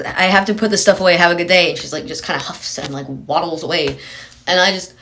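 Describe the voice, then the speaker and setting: Exasperated man telling a story. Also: a little high. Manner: exasperated, quotes others in lively voices. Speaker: TikTok storyteller. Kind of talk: casual storytime rant.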